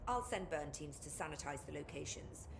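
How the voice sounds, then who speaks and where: A woman's voice: deep voice, expressive, moderate pace, gravelly, noisy background. An actress playing a wry woman scientist in a video game, talking in a dry, sardonic way.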